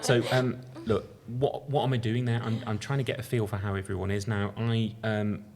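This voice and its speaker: A man with a Birmingham accent, a company founder talking things through on a casual podcast, relaxed and thinking aloud with fillers and restarts. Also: on the low side, moderate pace. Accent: Birmingham English. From England. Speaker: company founder being interviewed.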